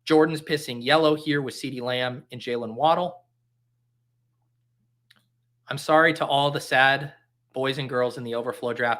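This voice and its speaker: A man's voice: mid-range voice, fairly even intonation, normal speed, pauses often, a bit bright. A man hosting a casual livestream, joking and reading chat aloud in a mock-earnest way. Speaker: fantasy football streamer. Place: home basement.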